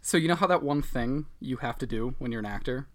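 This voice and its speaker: A man's voice: mid-range voice, lively intonation, fast talker, a bit bright. A man co-hosting a casual podcast chat, sarcastic and swearing, often breaking into laughter. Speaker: podcast co-host.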